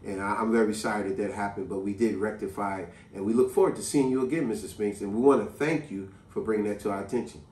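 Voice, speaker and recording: A man voicing a calm, polite male bank manager who speaks low and courteously, with the room echoing around him. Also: fast, few pauses, recorded from a distance, lightly acted. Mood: apologetic.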